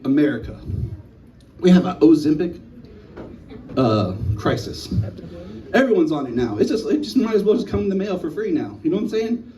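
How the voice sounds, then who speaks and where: A man's voice: on the high side, moderate pace, long pauses, slight background noise. A man in his thirties doing a stand-up comedy set in a small live venue, telling stories and acting out the other people's voices. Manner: animated storytelling, acting out voices. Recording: voice from a distance in a small room.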